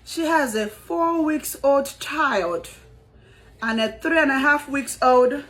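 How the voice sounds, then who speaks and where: A woman's voice: high-pitched, slow, a bit bright. A woman giving dramatic reaction commentary, exclaiming and laughing as she talks.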